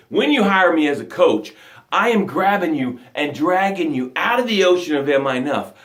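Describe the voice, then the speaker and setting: A man's voice: a little high, roomy sound. A man hosting a live motivational broadcast as a coach, talking emphatically and reading out viewer comments. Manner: energetic, emphatic, reads viewer comments aloud.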